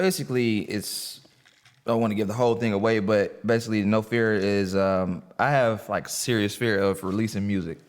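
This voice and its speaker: Low-voiced easygoing male rapper guest. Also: fairly even intonation, smooth. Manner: easygoing, agreeable, quick laugh. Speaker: guest hip hop artist. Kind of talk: casual interview chat.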